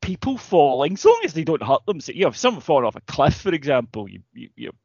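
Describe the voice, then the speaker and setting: A man's voice: fairly high pitch, big pitch swings, fast talker, creaky, slightly rough, no room sound, lo-fi sound. A man, co-hosting a podcast, telling stories and ranting in casual, sweary chat. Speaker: podcast co-host.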